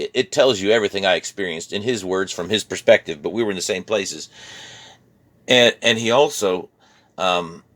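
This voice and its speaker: A man's voice: lowish voice, a bit bright. An American man from Virginia with a mixed Midwestern-sounding accent, talking about his art in a reflective personal vlog, often laughing and repeating words. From Virginia, USA. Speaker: artist vlogger.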